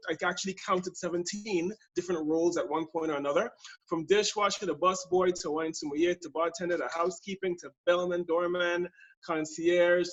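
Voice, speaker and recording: Speaking in a high, fairly bright voice, this middle-aged service consultant from Saint Thomas carries a US Virgin Islands accent. As a guest speaker in a webinar, he's upbeat and jokes through his storytelling, though the audio is muffled.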